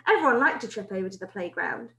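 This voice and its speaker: A woman teacher reading a children's book aloud in an expressive storytelling way. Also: medium pitch, fast. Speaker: primary school teacher. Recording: roomy echo.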